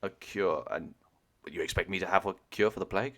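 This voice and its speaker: A man's voice: low voice, brisk, a bit bright. A man voicing a curt, impatient male wizard who fires off clipped, brusque questions over a video call. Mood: probing.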